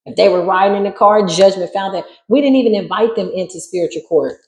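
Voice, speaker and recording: Woman tarot reader, sassy and emphatic, mid-pitched voice in a roomy, echoing space. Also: fast, a little mellow. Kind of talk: spiritual tarot reading.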